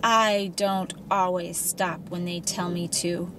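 A woman voicing a cruel teenage girl who taunts and mocks her captive, slow and menacing. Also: on the low side, fairly even intonation, background noise. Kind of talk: audiobook character voice.

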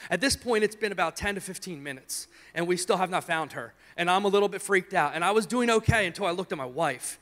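Young man, pastor, high voice, animated storytelling sermon, church hall reverb. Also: quick pace, hardly any pauses. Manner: animated storytelling, acts out his own shouts. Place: church sanctuary.

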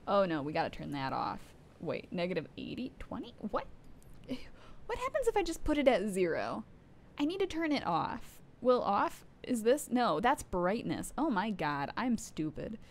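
A woman's voice: medium pitch, huge pitch swings, moderate pace. A woman streaming a game live, rambling and poking fun at herself while chatting to her viewers, with sudden startled outbursts. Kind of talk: casual live gameplay commentary.

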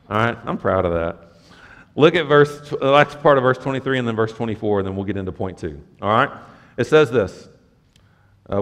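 A man preaching a sermon as pastor, conversational and lively, with asides to the congregation. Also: mid-range voice, in a large hall. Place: church sanctuary.

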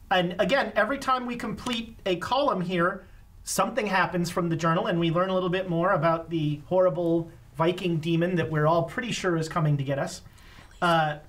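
A man's voice: high voice, fairly bright tone. A man running a board game session as game master, upbeat, reading story text aloud to the players.

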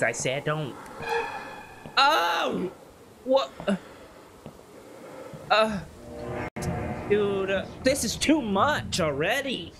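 A man talks his way through a horror game, nervous and jittery. His fairly high voice swings wildly up and down, muttering worries that leap into sudden yelps. A steady hiss of noise sits under the recording. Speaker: gaming YouTuber.

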